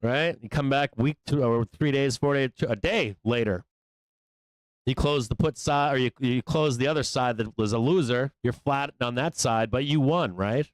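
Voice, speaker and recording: Brash trading host, smooth and dry, rambling, swears freely. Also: male voice, mid-range voice, no room sound. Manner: blunt, profane, rambling. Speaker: live trading show host. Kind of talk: live market commentary.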